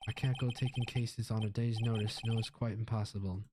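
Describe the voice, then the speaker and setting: A man's voice: lowish voice, flat delivery, brisk, background noise, close to an everyday voice. A man putting on a pompous old Southern lawyer. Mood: blustering. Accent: put-on Southern US. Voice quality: drawling, throat-clearing, stammering excuses. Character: pompous older male lawyer, evasive and blustering.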